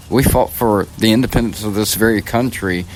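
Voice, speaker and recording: A man's voice: on the low side, moderate pace, slight background noise. A man hosting a podcast, talking through a casual political monologue in a blunt, profane way that rambles and restarts. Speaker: podcast host.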